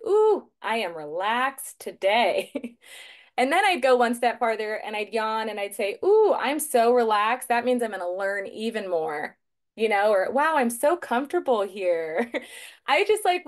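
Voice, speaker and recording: A woman coach shares a personal story in a relaxed online talk, with a middle-range voice for a woman. She sounds lively and conversational, and she acts out what she used to think to herself. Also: mid-range voice. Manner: lively, conversational, acts out her own past thoughts. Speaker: guest speaker, mental performance coach.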